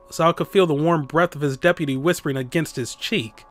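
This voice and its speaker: A man's voice: on the high side, fast, a bit bright. A man hosting a let's play, reading the game's text aloud and chatting in an amused, playful way. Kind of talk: casual game commentary and reading aloud.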